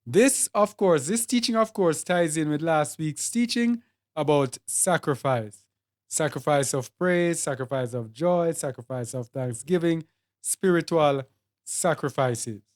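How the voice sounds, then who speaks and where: Preaching with a Jamaican accent, this Bible teacher speaks at a medium pitch, carefully and deliberately. He stresses points by repeating words and running through lists of them.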